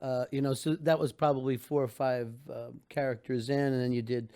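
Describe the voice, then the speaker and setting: A male host interviewing a guest in a relaxed, conversational way, chuckling now and then. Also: medium pitch, a little fast, smooth. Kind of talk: casual interview.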